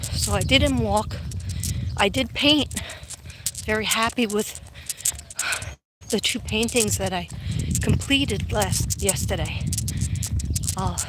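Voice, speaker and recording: A woman's voice: medium pitch, slow pace, long pauses, background noise. A middle-aged woman chatting casually on a live stream while out on a walk, rambling and reading viewer comments aloud. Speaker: psychic vlogger. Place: outdoors on a walk.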